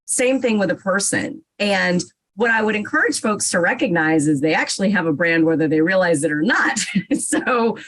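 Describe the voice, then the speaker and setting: A woman's voice: medium pitch, lively intonation, normal speed, fairly bright tone, poor audio. A woman guest author on a podcast, explaining her ideas in an encouraging way. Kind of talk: casual interview chat.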